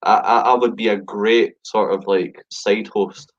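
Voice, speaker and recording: A man in his twenties, a rapper guest, chatting loosely after a couple of drinks and drawling slowly. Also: on the low side, fairly even intonation. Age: 20s. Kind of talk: casual chat. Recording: dull lo-fi sound.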